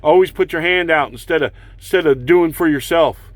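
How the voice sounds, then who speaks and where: A man's voice: on the high side, moderate pace, no room sound. Profane, heated man ranting on camera. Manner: profane, heated, sarcastic mocking whoops. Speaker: political vlogger. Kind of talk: angry ranting monologue.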